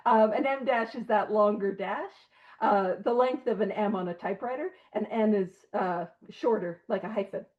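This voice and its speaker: A woman with a fairly high voice, heard in lo-fi sound through a video call, leads an online recovery study. She speaks earnestly and with emphasis in a conversational way, now and then breaking off for a light aside.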